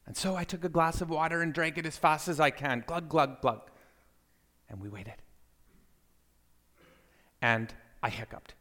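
A man telling a personal story to listeners, animated and speaking to them directly. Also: on the high side, normal speed, pauses often, big-room sound. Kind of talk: storytelling talk.

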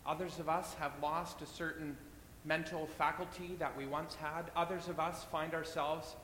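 A man preaching in a church, earnest and rhythmic as he repeats his key phrases. His voice is bright and a touch high, ringing in a long, echoey hall. A faint low rumble sits underneath. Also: fairly even intonation, moderate pace. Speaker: pastor. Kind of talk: sermon.

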